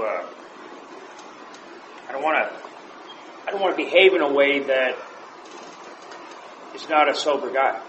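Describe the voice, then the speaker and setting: A man sharing anecdotes in a casual, chuckling way at a group meeting. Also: medium pitch. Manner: anecdotal, chuckles through his stories. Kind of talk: casual storytelling share. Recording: echoey room with faint noise.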